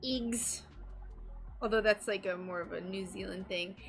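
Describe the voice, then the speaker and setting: A woman's voice: mid-range voice, flat delivery, a little fast, gravelly, a bit bright, soft background music. A woman chatting casually with her live-stream audience while crafting, giggly and talking to her pet. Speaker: stained glass streamer.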